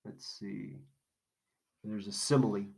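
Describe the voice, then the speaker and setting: A man's voice: lowish voice, steady tone, slow pace, gravelly, a little mellow, husky, poor audio. A man teaching a recorded poetry lesson, explaining in a casual way and asking questions that he then answers himself. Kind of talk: recorded classroom lesson walkthrough.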